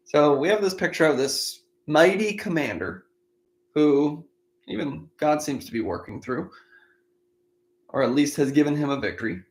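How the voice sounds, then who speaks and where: A man with a slightly raised pitch reads scripture passages aloud for a daily Bible plan. Between readings he shifts into relaxed, conversational commentary, thinking aloud about what the passage means. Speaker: Bible study host.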